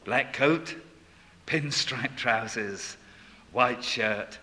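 Older preacher guy, slow and punchy, goes from quiet to booming. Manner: swings between hushed and loud proclaiming. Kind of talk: sermon.

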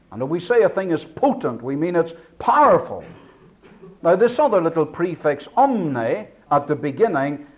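A man preaching an expository sermon, breaking down words slowly and swinging from booming to hushed.

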